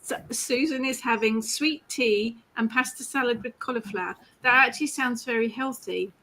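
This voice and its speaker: A woman's voice: on the high side, normal speed, fairly bright tone, a little hiss or hum. A woman hosting a casual online gathering, reading out comments and chatting, laughing often. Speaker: ritual host.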